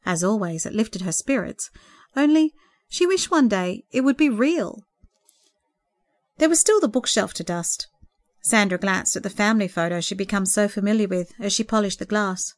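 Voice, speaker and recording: A woman narrating a story in a gentle, expressive reading voice. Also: medium pitch, normal speed, no room sound, studio quality.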